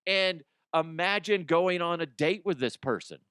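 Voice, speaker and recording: Casting note: male host, loose profane comedic rant, smooth voice, dry close sound. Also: on the high side, unhurried, a bit bright, no room sound. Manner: profane, rambling, acts out imagined people. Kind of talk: casual comedic news rant.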